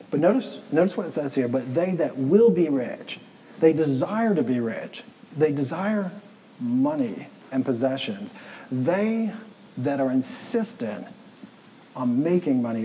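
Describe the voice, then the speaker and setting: Male pastor, emphatic sermon delivery, mellow dark tone, faint room ambience. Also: mid-range voice, slight background noise, low-quality recording. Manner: emphatic preaching, repeats points, drops to near-whisper for stress. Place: church in Southeast Dublin.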